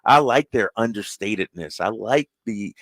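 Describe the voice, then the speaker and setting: Brief: relaxed male co-host, earnest, dry close studio sound. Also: on the low side, normal speed, no echo. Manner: earnest, relaxed, says "man" a lot. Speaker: radio sports co-host. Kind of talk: casual sports talk chat. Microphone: studio microphone.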